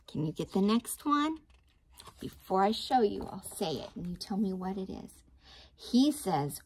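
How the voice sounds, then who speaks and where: Woman teacher, storytime read-aloud for young kids; unhurried, animated pitch, slightly raspy. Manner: slow, expressive, sing-song storytime delivery. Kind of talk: reading a picture book to children.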